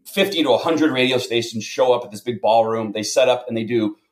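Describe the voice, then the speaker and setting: Fast-talking man telling stories, roomy sound. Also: mid-range voice. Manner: lively storyteller, self-deprecating. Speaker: guest storyteller. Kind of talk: casual anecdote telling. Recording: roomy echo.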